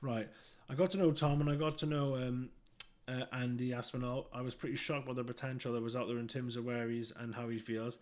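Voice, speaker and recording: A man's voice: mid-range voice, little pitch movement, fairly quick, darkish tone. A man reading out news and giving blunt, profane, scornful commentary.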